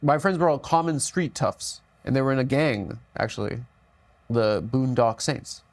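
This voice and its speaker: Man, deadpan, gravelly, podcast banter, absurd bits. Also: medium pitch, moderate pace. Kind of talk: casual comedic banter.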